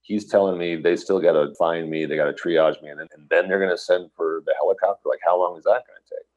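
Speaking fast in a low, darkish voice with a steady tone, a middle-aged guest shares a personal story and acts out the conversations in it. His retelling is earnest and full of quoted speech, heard through a dull lo-fi recording.

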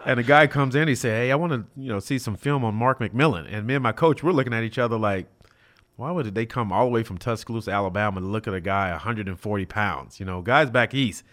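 A man's voice: lowish voice, fast talker. A middle-aged man from South Central Los Angeles, a former college football player, telling stories in a casual interview. He acts out the dialogue and fills his speech with "you know.". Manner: animated, acts out quoted dialogue, many fillers like "you know".

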